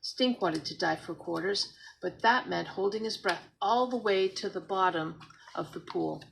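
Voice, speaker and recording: A woman reads a children's chapter book aloud in an expressive, animated way. Her voice sits slightly low and is full of gravelly creak. She keeps a slow, unhurried pace. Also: a little hiss or hum, poor audio. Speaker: storybook reader.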